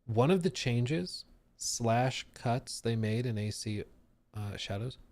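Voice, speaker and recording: A young man hosting a live stream, chatting casually and joking with his chat in an animated way. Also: medium pitch, takes it slowly, dry recording. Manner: animated, jokey, reacting to chat. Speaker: streamer host.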